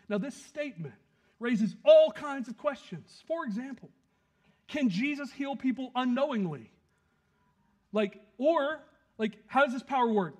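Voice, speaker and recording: Male pastor, high-pitched, preaches with loud emphasis and soft asides, acts out quotes. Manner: animated, swings between loud emphasis and quiet asides; plays out the scene with quick acted quotes. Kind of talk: sermon.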